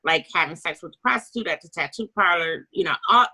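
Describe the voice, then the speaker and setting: A woman co-hosting a casual book club chat, animated and chatty, with quick asides and the odd swear. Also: fairly low pitch, husky, poor audio.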